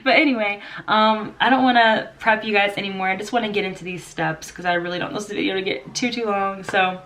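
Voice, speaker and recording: A woman's voice: medium pitch, steady tone, a little fast, a bit bright. A congested woman chatting in a rambling, unedited home vlog, laughing often. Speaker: vlogger. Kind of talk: casual unedited vlog chat.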